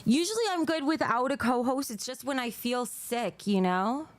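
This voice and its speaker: A woman's voice: on the high side, normal speed. A woman livestreaming to her chat, feeling nauseous and unwell, rambling and apologetic, swearing and slipping into awkward giggles. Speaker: livestreamer reading chat donations.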